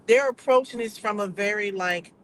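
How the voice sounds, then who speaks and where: A woman's voice: medium pitch, moderate pace, a little hiss or hum, poor audio. An American woman giving casual, digressive opinion commentary in a vlog, acting out the voices she quotes. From United States. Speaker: vlogger.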